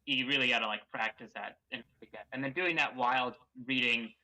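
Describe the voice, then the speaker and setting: Casting note: man with a very bright, sharp tone, hesitant, filler-heavy chat. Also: mid-range voice, steady tone, fairly quick, low-quality recording. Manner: hesitant, lots of ums, reassuring. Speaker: guest reader. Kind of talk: casual reading stream chat.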